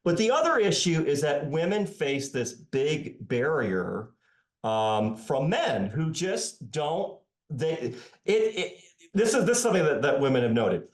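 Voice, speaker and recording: Animated, sarcastic man in an echoey room. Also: on the high side, unhurried. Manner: animated and sarcastic, voicing his critics mockingly. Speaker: economics professor and author, guest. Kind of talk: conversational podcast interview.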